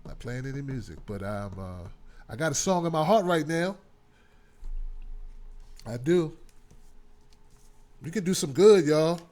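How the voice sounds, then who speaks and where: A man's voice: fairly high pitch, expressive, measured pace, long pauses, a little mellow. Earnest man rallying his audience. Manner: earnest, repetitive, rallying, informal speech. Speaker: host. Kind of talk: live online talk show with chat shout-outs.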